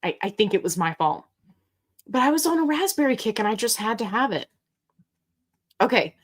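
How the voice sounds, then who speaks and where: A woman hosting a live question-and-answer stream, chatting casually to her viewers. She rambles cheerfully, jumps off on tangents and tells jokey little stories in a relaxed, everyday voice. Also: a little high, normal speed. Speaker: host. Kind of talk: casual livestream Q&A chat.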